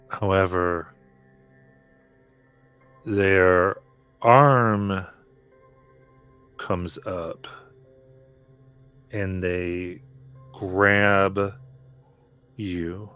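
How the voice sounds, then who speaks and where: A man running a tabletop game as game master, narrating in a slow, halting way with restarts. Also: low voice, fairly bright tone.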